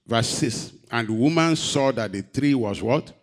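A man preaching a sermon, reading scripture and asking the congregation questions, moving between loud, raised emphasis and quiet, low delivery. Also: lively intonation, measured pace. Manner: asks the congregation rhetorical questions.

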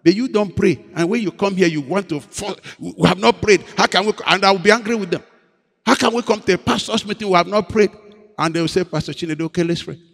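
A man, a pastor preaching a sermon in a dramatic storytelling way, moving between loud emphasis and hushed confession. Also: sits high, fairly quick, gravelly. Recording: long hall reverb.

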